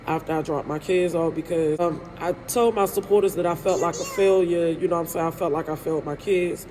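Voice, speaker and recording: A woman's voice: on the low side, fairly even intonation, fairly quick, dark tone, a little hiss or hum. A woman in her thirties speaks straight to her viewers in an emotional storytime vlog. She talks candidly and loosely, with hurt in her voice, and keeps checking in with the audience. A faint room ambience sits behind her. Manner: candid, rambling, frequent "you know what I'm saying". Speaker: live streamer telling her own story.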